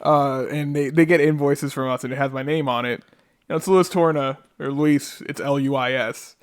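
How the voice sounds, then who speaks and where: A man's voice: medium pitch, fairly even intonation, moderate pace, clean tone. A man co-hosting a casual podcast chat, joking and swearing often. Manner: profane, joking, laughs often. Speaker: podcast co-host.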